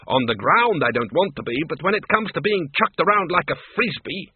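A man's voice: on the high side, very animated, brisk, slightly rough, no room sound, voice pushed up, exaggerated voice. A man reading aloud and voicing a fretful, whining vampire count in a tinny, phone-like recording. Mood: whiny. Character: nervous, whiny male vampire count. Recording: tinny phone-like dry audio.

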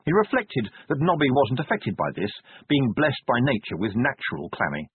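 A man narrating an audiobook in a measured, wry manner. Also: medium pitch, huge pitch swings, breathy edge, no room sound. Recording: tinny phone-like band, dry.

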